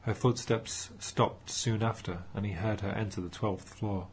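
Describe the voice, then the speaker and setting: A man narrating an audiobook in a measured storytelling manner. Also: lowish voice, fairly even intonation, slight background noise.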